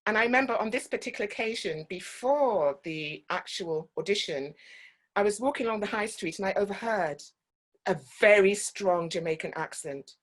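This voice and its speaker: A woman's voice: medium pitch, normal speed. A woman from Guyana, an actor giving a talk and telling personal stories with frequent ums.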